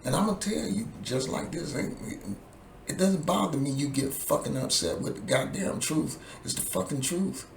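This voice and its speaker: A man's voice: a little high, normal speed, vocal fry, a little hiss or hum. A man in a vlog, delivering an angry, profane political rant that keeps circling back to the same points. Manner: profane, heated, repetitive. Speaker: vlogger. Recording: echoey room with faint ambience.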